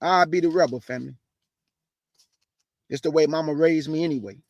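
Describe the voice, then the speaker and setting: High-voiced, fiery street preacher man. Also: a little fast, dry recording. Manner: blunt, streetwise and combative; rising to forceful emphasis. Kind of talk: fiery sermon with scripture reading.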